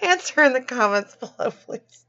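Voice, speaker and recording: A woman's voice: high-pitched, expressive, moderate pace, fairly bright tone. A woman reading a children's storybook aloud with sarcastic, swearing commentary, laughing often. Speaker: channel host reading a storybook. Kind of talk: mocking read-aloud of a children's book with commentary. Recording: dull lo-fi recording.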